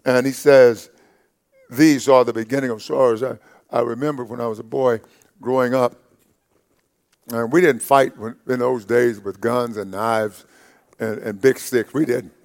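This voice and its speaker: A man's voice: medium pitch, fairly even intonation, unhurried, pauses often, darkish tone. A man preaching a sermon as pastor, emphatic and repetitive, calling out to the congregation.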